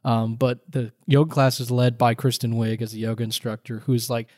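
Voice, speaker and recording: A podcast co-host in casual chat, talking fast and retelling scenes from a film. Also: mid-range voice, level tone, a little mellow, no room sound, clean studio sound.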